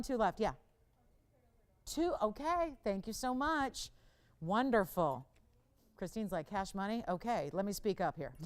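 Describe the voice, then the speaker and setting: Smooth-voiced chatty woman selling jewelry. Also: high voice. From Los Angeles. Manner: chatty, upbeat, talks to operators and callers. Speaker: shopping channel host. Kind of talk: live sales pitch. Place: television studio.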